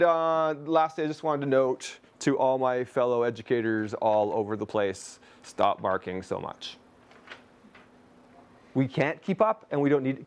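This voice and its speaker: A man's voice: fairly high pitch, a little mellow. A man from Canada leading a teacher webinar on a video call, chatty, with jokey asides to his audience. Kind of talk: webinar presentation.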